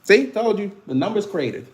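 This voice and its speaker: A man's voice: sits high, big pitch swings, moderate pace. A man hosting a live stream, teasing and taunting his chat with casual banter and frequent laughs.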